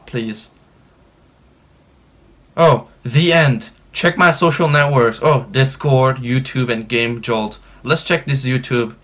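A man doing let's play commentary, excitable, swearing and bursting into shouts. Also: medium pitch, slight background noise. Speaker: gaming youtuber.

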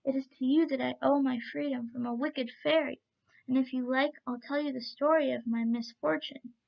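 A woman voicing a spoiled, excitable young rich man who exclaims and laughs often. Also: sits high, moderate pace, gravelly. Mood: excited. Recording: dull lo-fi recording.

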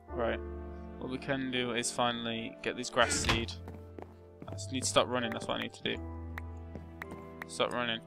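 A young man talking through a game he is playing, chatty and self-mocking, humming and muttering to himself as he goes. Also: mid-range voice. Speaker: gaming YouTuber. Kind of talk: casual gameplay commentary. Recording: music playing behind.

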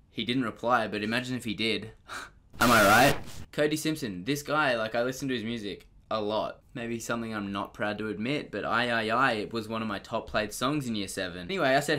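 Bright-voiced young man, joking. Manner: joking, self-mocking, with loud high-pitched outbursts. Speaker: vlogger. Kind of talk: casual comedic vlog narration.

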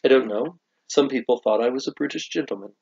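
Southern male co-host, theatrical, jokey, mid-pitched, dull lo-fi recording. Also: quick pace, vocal fry, a little mellow, husky. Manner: playful and theatrical, breaks into exaggerated exclamations. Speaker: co-host of a snack review show. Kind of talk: casual chat.

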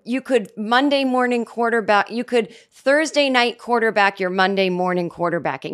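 A woman in her forties hosting a comedy podcast, talking in a rambling, sarcastic monologue full of restarts, jumping up in pitch for mock quotes. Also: normal speed, hardly any pauses. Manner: rambling, sarcastic, self-interrupting, with many restarts. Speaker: podcast host.

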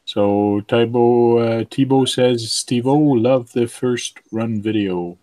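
A man's voice: mid-range voice, takes it slowly, mellow, dry recording, poor audio. A man whose first language is French, hosting a casual live stream and reading viewer comments aloud with many fillers. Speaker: livestream host.

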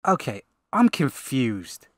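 A man's voice: mid-range voice, big pitch swings, takes it slowly, no room sound, clean studio sound, voice pushed up. A man voicing an uneasy young male adventurer in an audiobook. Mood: confused. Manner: uneasy, questioning.

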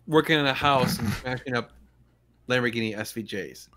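A man's voice: medium pitch, moderate pace, bright, forceful tone. A man hosting a casual livestream chat, talking in a laid-back, rambling way and laughing often. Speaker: podcast host.

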